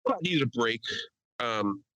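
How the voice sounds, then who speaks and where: A bright, forceful young man hosts a casual podcast. He talks loud, swears freely and laughs often. His voice sounds dry and close. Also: mid-range voice, animated, unhurried, dry recording, low-quality recording. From Delaware County, Pennsylvania. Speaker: podcast host.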